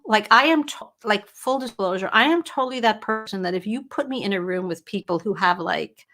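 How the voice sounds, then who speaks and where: A middle-aged woman hosting a casual livestream from home as a writing coach, talking in a chatty, animated way and answering viewer questions. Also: medium pitch. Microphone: webcam or computer mic at home.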